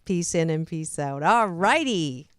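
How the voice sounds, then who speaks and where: A woman's voice: on the low side, lively intonation, a little slow, clear, resonant tone, no room sound, clean studio sound. A middle-aged woman hosting a radio interview, chatty, laughing at herself and restarting sentences. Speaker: host.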